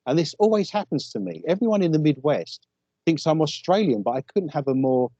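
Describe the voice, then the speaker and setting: A man's voice: fairly high pitch, fairly quick, no room sound, muffled recording. Wry East London Englishman telling stories. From England. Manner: wry storyteller, animated. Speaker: guest, paranormal investigator. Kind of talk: casual interview chat.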